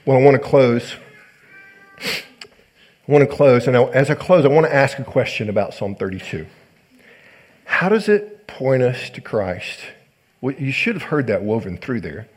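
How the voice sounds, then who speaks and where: A male pastor preaching a sermon in earnest, rising to loud emphasis and dropping to hushed low lines. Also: very animated, a little slow, pauses often.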